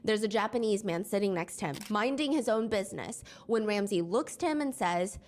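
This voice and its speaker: A woman's voice: mid-range voice, animated, a little fast, background noise. A young woman narrating a commentary video in a conversational, wry tone with incredulous asides. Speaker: commentary YouTuber. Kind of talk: storytelling commentary.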